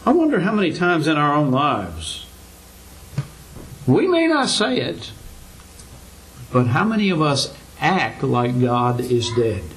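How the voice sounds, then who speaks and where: A man's voice: on the high side, sing-song, slow, pauses often, a little hiss or hum, rough recording. An older man preaching a sermon to his congregation, earnest and full of rhetorical questions, his voice climbing for emphasis.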